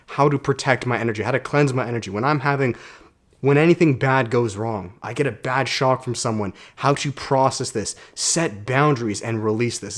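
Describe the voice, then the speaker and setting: A young man, a self-development vlogger, talking casually to camera in a quiet condo room, telling a story with energy and slang. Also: mid-range voice.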